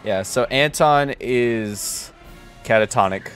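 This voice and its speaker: A man runs a tabletop game in an easy, relaxed way, calling rolls and describing what the monsters do. His voice sits at an ordinary pitch, with faint music playing softly behind him. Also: slow pace. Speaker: game master.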